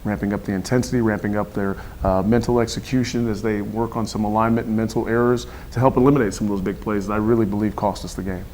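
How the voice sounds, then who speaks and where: A man who is a football head coach, hoarse from yelling, talking earnestly in a radio sports interview with many fillers. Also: fairly low pitch, steady tone, quick pace, hardly any pauses, slight background noise, rough recording. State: hoarse, lost his voice.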